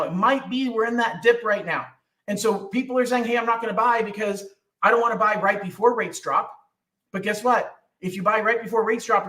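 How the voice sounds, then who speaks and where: A middle-aged man from California, a mortgage lender giving a casual market update, who talks in an animated way and acts out other people's voices. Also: sits high, recorded from a distance. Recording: echoey room, away from the mic.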